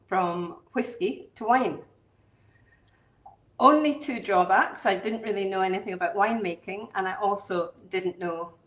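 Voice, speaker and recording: A woman's voice: mid-range voice, echoey room, poor audio. A Scottish woman, a wine producer, telling her story in a chatty, self-deprecating way on a video call. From Scotland. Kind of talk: online interview, storytelling.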